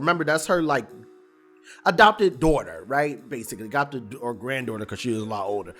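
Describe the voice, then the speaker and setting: A man's voice: on the high side, a little fast, soft background music. Casual, slang-heavy male recapper. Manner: animated, colloquial, rambling with restarts. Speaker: TV episode recap reviewer.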